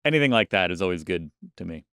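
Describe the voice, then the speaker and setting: Podcast guy, low resonant voice, rambly and full of restarts. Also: very animated, quick pace, fairly bright tone, clean tone, no echo, studio quality. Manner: rambling, many restarts and fillers. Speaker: podcast co-host. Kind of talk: casual chat.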